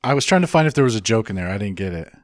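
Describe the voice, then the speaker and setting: A man's voice: lowish voice, sing-song, racing, no room sound, clean studio sound. A man co-hosting a casual movie-review podcast, wryly pointing out the film's gags with amusement. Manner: wry, amused, points out gags with short agreeing replies. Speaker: podcast co-host.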